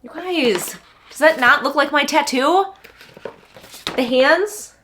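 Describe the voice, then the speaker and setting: A woman's voice: high voice, slow pace, bright, forceful tone, a little hiss or hum. Gushing chatty woman booktuber. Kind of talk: casual unboxing chat.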